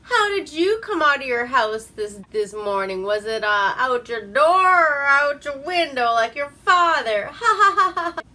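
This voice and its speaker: A man's voice: very high-pitched, sing-song, normal speed, pushed and bright, slightly rough, pitched above the performer's own voice, exaggerated voice, poor audio. A woman doing a smarmy fifties leading man. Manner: teasing, corny flirting. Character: smarmy 1950s male movie hero flirting.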